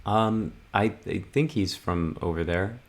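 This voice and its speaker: A man's voice: low voice, measured pace. A man co-hosting a podcast, chatting casually about movies in a laid-back way with short replies. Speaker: podcast co-host.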